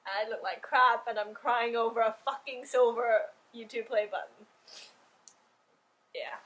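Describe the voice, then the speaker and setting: A high-voiced woman talking straight to her own channel from home. She is excitable and gushing, with a bright, tense edge to her voice. Her casual swearing keeps the chat loose and unpolished. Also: a little slow, rough recording. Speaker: YouTuber. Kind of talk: casual vlog unboxing. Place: at home indoors.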